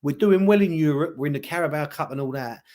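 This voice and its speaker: A man calmly talking football on a podcast, reasoning things through. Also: fairly high pitch. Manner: measured, reasoning, asks for agreement. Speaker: podcast co-host. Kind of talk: casual football chat.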